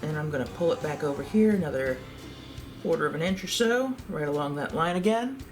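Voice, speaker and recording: A man giving a calm, step-by-step craft tutorial for a library. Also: on the high side, fairly quick, over music.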